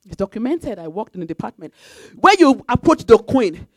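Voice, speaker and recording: A woman's voice: fairly high pitch, big pitch swings, normal speed, no room sound. A woman preaching a sermon in an emphatic, repetitive way, now and then breaking into sung phrases. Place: church.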